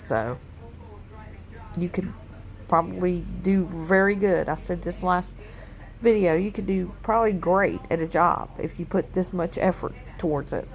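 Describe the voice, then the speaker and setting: A woman's voice: on the low side, a little slow, creaky, crowd noise. A woman giving sarcastic, exasperated commentary on a livestream she is watching. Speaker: commentary YouTuber. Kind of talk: reaction commentary.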